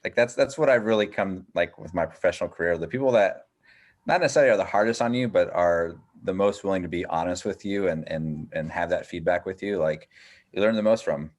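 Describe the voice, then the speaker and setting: A man in his thirties, a podcast guest, chatting casually in a halting, reflective way. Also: low voice, a little mellow. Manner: halting, repeats words, reflective. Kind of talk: casual chat.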